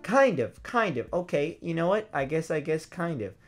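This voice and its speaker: A young man hosting a gaming vlog, telling a story in a loose, swearing way and acting out his old reactions with sudden loud, high bursts. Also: normal speed, faint music behind. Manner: animated, swears freely, acts out his past reactions in loud high outbursts. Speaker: gaming video host.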